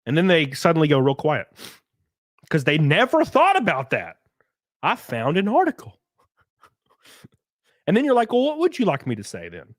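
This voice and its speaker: A man's voice: on the high side, normal speed, pauses often, dry recording, clean studio sound. A man hosting a casual livestream, reading viewer messages and ranting, swearing and mocking critics. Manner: animated, swears, mocks critics in put-on voices. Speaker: livestream host. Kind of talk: casual livestream chat reading super chats.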